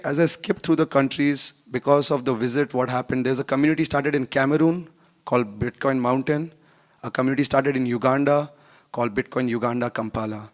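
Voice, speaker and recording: A man speaking from a conference workshop stage into a microphone, at an ordinary middle pitch. He tells his stories in a lively way, playing out each exchange of dialogue himself. His English is simple and direct, with the phrasing of a non-native speaker. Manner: animated, acts out dialogue in anecdotes. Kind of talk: storytelling conference talk.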